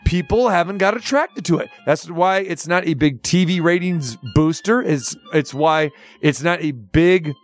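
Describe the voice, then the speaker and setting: High-voiced ranting sports radio man. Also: a little slow, few pauses, soft background music. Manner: animated, sarcastic, ranting. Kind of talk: sports talk radio rant.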